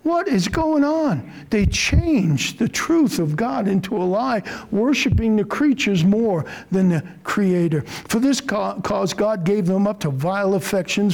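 Middle-aged preacher guy, high voice, gets fired up then goes slow and soft. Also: low-quality recording. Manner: fervent, rising to forceful emphasis, then slow and soft. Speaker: pastor. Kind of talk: sermon.

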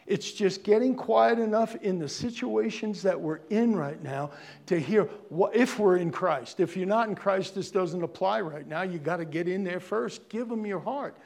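A man preaching a sermon as pastor, earnest and pleading, moving between loud drawn-out lines and hushed near-whispers. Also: high voice, vocal fry.

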